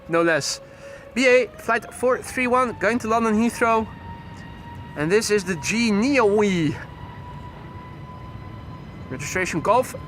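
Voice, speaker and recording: A man's voice: high voice, bright, forceful tone, a little hiss or hum. A man hosting a live plane-spotting stream, reading out flight details with wry, joking asides from outdoors by an airport runway. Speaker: plane-spotting livestream host. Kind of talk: live aviation commentary.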